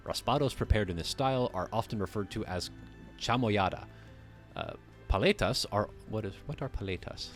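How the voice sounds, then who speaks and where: A man's voice: fairly low pitch, lively intonation, moderate pace, faint music behind. A man hosting a livestream, reading a text aloud and breaking off to riff on it casually, swearing now and then. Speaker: livestream host.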